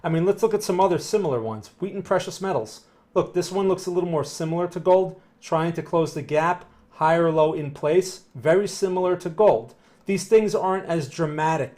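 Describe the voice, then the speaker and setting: A man's voice: high-pitched, darkish tone. Chatty man walking through trading charts. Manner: conversational, thinking aloud, frequent "right?" and "okay?". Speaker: market analyst streaming a live Q&A. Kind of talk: casual live-stream chart analysis.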